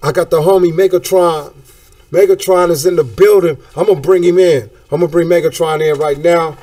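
Animated slangy male talk show host. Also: on the high side, fairly quick, dry recording, recorded from a distance. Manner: animated, slangy, hype catchphrases. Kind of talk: casual talk show chat.

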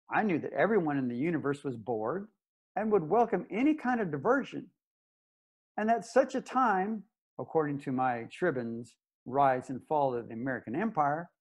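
A man's voice: a little high, a little mellow, breathy edge, heavily acted. An actor playing a stubborn old space ranger who narrates his own story in an audio drama, blunt and plainspoken. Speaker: narrator and lead character.

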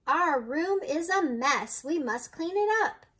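An older woman voicing a strict, bossy grandmother in a read-aloud storybook, giving brisk, chirpy commands. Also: sits high, lively intonation, bright, forceful tone, voice pushed up, full character voice.

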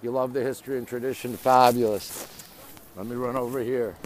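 A man's voice: mid-range voice, steady tone, a little fast, slight background noise. A man live-streaming from his phone outdoors, chattily greeting viewers and answering their comments as he walks. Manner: chatty, repeatedly greets viewers and says "there you go". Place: outdoors at a city landmark.

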